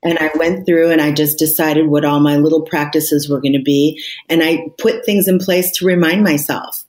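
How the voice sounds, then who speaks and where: Low-voiced woman, candid podcast guest. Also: steady tone, moderate pace, darkish tone. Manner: candid, reflective, emphatic. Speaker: interview guest. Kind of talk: podcast conversation.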